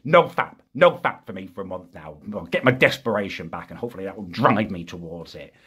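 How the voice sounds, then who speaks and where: A man's voice: low-pitched, expressive, fairly quick, a bit bright, breathy edge, exaggerated voice. A young British man playing a petty, self-pitying vlogger who rants in a whiny, aggrieved way, always tagging on "right?". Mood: ranting. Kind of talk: ranting comedy character vlog.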